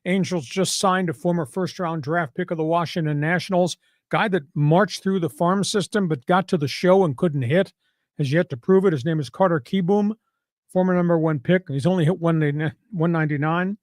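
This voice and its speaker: A man's voice: fairly high pitch, normal speed, no echo, clean studio sound. A man hosting a sports talk podcast in a casual, brash and sarcastic way, with punchy delivery.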